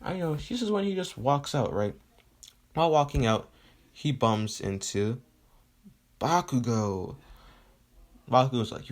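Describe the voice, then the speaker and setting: A man's voice: medium pitch, sing-song, unhurried, long pauses. A man casually retelling a fan story, rambling and leaning on fillers like "right?" and "you know", with the odd swear.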